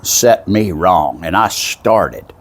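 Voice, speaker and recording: Deep-voiced Southern man spinning a yarn. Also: animated, slow. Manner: folksy, meandering, with frequent asides. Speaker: vlogger. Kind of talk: casual storytelling monologue.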